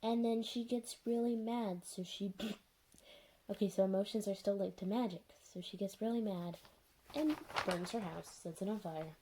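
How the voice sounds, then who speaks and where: A woman's voice: medium pitch, moderate pace, warm tone, slight background noise, poor audio. Chatty sarcastic young woman. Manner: sarcastic, chatty, full of "like" and "anyways". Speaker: video reviewer. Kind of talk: casual recap and commentary.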